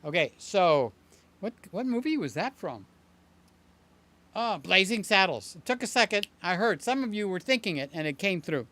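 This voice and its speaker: A man's voice: sits high, sing-song, moderate pace, bright, forceful tone. An older man hosting a live stream, chatting casually in a rambling, joking way with many fillers and asides.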